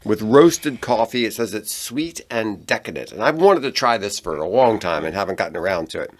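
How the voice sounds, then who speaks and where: A man's voice: on the low side, lively intonation, fairly quick. A man co-hosting a podcast, chatting casually while reviewing a beer, with dry replies and frequent laughter. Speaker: podcast co-host.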